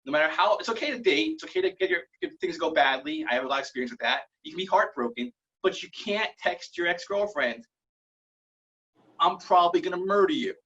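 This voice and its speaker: A man doing stand-up comedy over a video call, his voice bright and a little breathy. He rambles through self-mocking jokes with a dry delivery. The audio sounds muffled and lo-fi. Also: fairly high pitch, very animated, quick pace, hardly any pauses.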